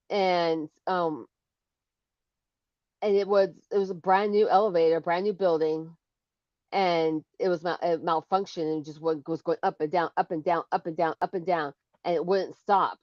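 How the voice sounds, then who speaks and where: A woman co-hosting a live show, telling stories in a casual, animated way. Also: fairly low pitch, normal speed, dry recording. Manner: animated, bursts into shrieks and laughter when acting out scares. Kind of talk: casual storytelling chat. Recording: dull lo-fi sound.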